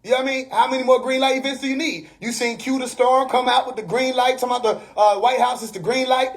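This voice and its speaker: Man, high voice, preachy livestream host, laughs a lot, keeps checking in with viewers. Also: fairly even intonation, quick pace. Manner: preachy, laughing often, repeats "you know what I mean". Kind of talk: casual livestream monologue. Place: bedroom.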